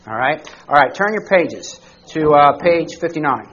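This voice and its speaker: A man's voice: a little high, expressive, normal speed, a bit bright, muffled recording, a little hiss or hum. A man teaching a church study class to a group, talking conversationally and often checking in with the listeners by asking them questions. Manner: conversational, asks the group questions, frequent "all right?".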